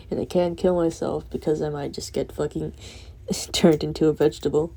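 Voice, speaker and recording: A drowsy young woman ranting late at night, rambling and swearing with soft laughs breaking in. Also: deep voice, fairly even intonation, moderate pace, creaky, breathy edge. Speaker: vlogger.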